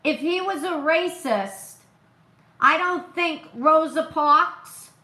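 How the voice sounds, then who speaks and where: A woman's voice: high-pitched, takes it slowly, pushed and bright, reverberant. A woman with a noticeable accent, hosting an opinionated live stream, who repeats her points emphatically and asks rhetorical questions. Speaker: political livestream host.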